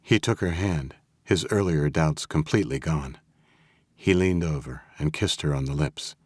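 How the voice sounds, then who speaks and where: Very deep-voiced male narrator. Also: normal speed, slightly rough, dry recording. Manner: steady, even storytelling. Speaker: audiobook narrator. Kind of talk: scripted narration. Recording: dry close studio audio.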